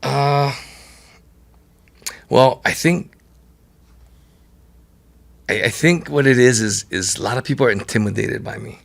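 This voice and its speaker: Easygoing Hawaiian man with a gravelly edge. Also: mid-range voice, measured pace, pauses often. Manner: relaxed, chatty, laughs often, lots of "like" and "right?". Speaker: podcast guest, multi-sport champion. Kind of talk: casual storytelling interview.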